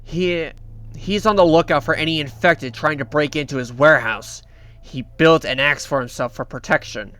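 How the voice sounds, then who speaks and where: A man hosts a reaction video, retelling a story and sharing his own theories. His voice is bright, smooth and somewhat high, and he talks haltingly, with frequent restarts and repeated words. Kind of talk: reaction vlog narration.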